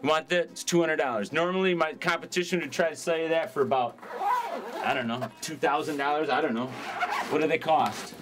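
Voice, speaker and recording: A man pitching instruments from his music store in a brash, ranting hard-sell style, swinging between shouts and mutters. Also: brisk.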